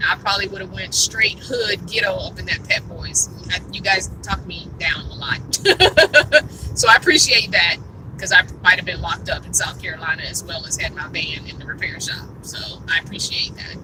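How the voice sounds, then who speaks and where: A woman's voice: lowish voice, normal speed. A woman with a Southern US accent, chatting with live viewers while she drives. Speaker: vlogger. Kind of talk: live-stream vlog chat while driving. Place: inside a car on the road. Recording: car recording from a distance, background noise.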